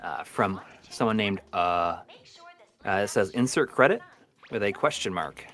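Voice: low voice, animated, a little slow, a bit bright. A co-host of a live stream chatting casually, hesitant and full of fillers, also reading out donations.

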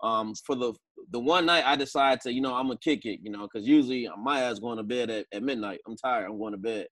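A man co-hosting a podcast, telling a trip story in a halting, repetitive, casual way. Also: medium pitch, a bit bright, no room sound. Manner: halting, repeats words while telling a story. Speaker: podcast co-host.

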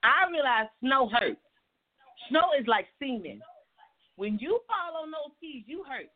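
A woman hosting a casual call-in show, chatty and animated, greeting listeners by name. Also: high voice, unhurried. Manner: animated, chatty, Southern Black vernacular turns of phrase. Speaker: host. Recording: tinny phone line with noise.

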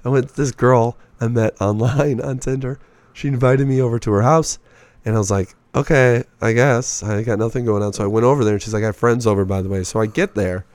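A man's voice: mid-range voice, a little fast, no echo. Profane rambling young man telling stories. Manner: profane, rambling, animated storytelling. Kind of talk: casual podcast storytelling.

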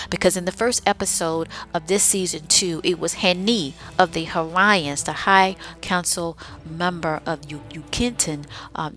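Chatty woman with a lowish voice. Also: a bit bright. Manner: chatty, enthusiastic, asides like okay and right. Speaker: podcast host recapping her own short stories. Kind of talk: casual recap.

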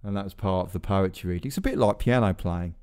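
A man hosting a podcast chats casually and rambles, tossing in self-deprecating asides. His voice is low-pitched, fast and a little mellow, with a clean tone.

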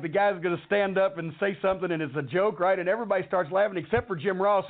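On a talk show, a middle-aged man with a fairly high voice tells a long, rambling wrestling story from backstage, cursing freely and growing more heated as he goes. The audio is thin and tinny, like a phone line.

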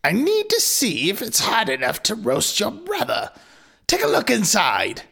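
A man doing a shrill, screeching witch. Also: wildly swooping pitch, unhurried, gravelly, sharp tone, slightly rough, exaggerated voice. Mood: taunting. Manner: taunting and cackling. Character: shrieking hungry old female witch, cruel.

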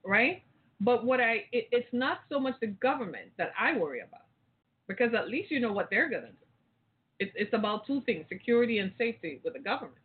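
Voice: mid-range voice, big pitch swings, fairly quick. Phone caller, impassioned rambling rant, repetitive, rhetorical questions, tinny line. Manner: emphatic, rambling, repeats phrases, rhetorical questions. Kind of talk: impassioned talk-show rant.

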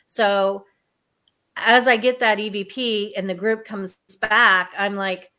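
A woman's voice: mid-range voice, fairly even intonation, slow, bright, forceful tone, clean tone. A woman guest on a talk show telling her experiences in a rambling, casual way with many fillers.

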